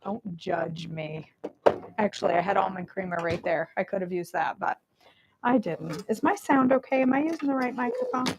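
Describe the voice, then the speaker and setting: A woman's voice: medium pitch, expressive, normal speed, slight background noise. A woman hosting a casual live cooking stream from her home kitchen, chatty and self-deprecating while she fiddles with her mic, over warbly, staticky audio.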